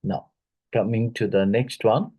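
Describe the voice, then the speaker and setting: A man with an Indian English accent teaching a phonetics lecture for exam prep. He talks haltingly, with many fillers, and repeats words slowly to model how they sound. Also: lowish voice, steady tone, dark tone, slightly rough, low-quality recording.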